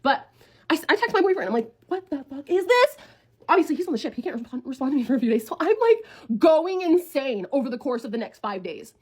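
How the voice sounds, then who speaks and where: A woman's voice: sits high, big pitch swings, fast, darkish tone. A woman in her twenties telling a storytime to viewers in a casual, blunt way, swearing freely and talking like a friend.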